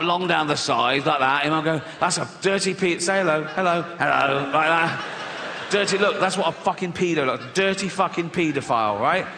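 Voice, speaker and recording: Male English stand-up comic, a bit high-voiced, on a stage mic in an echoey hall with audience noise. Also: pushed and bright. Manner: chatty, laughs at his own jokes, teases the crowd. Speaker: stand-up comedian. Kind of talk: stand-up routine. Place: large concert hall on stage.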